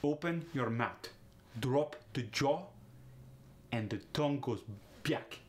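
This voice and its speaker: A man doing a slow, deliberate Russian guest. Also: mid-range voice, natural voice. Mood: instructive. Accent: put-on Russian.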